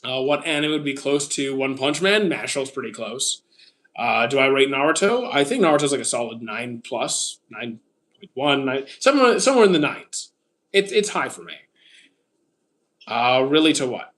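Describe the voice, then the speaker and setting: Reading chat questions on his livestream, a Canadian streamer in his thirties replies briefly and casually, with lots of "uh"s. His voice is medium in pitch, fairly bright, and expressive, and he talks at a normal speed.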